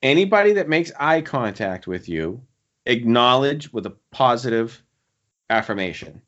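A man co-hosts a casual podcast and earnestly presses listeners to do better. His pitch swoops up and down with a lot of life. The sound is dull and lo-fi. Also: expressive, normal speed, fairly bright tone. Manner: earnest, preachy, encouraging. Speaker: podcast co-host.

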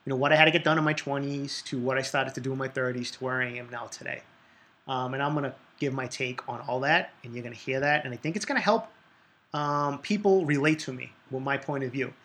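A man's voice: mid-range voice, pushed and bright. A man in his thirties with a Boston accent, hosting a podcast in a blunt, emphatic monologue full of swearing. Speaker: podcast host.

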